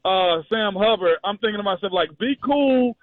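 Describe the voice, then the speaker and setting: Radio co-host, male, animated and jokey, high pitch, muffled lo-fi sound. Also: normal speed, no room sound. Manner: animated, laughing, joking. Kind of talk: casual radio banter.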